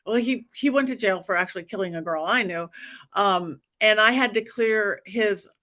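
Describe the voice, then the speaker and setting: A woman's voice: mid-range voice, moderate pace, bright, forceful tone. A middle-aged woman, a psychic medium guest, telling stories in a casual interview, acting out dialogue and laughing often.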